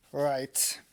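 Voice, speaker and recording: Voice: mid-range voice, fairly bright tone, slightly rough. A tabletop game player who talks hesitantly, with many fillers and restarts, and who is precise about the rules. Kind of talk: casual tabletop play.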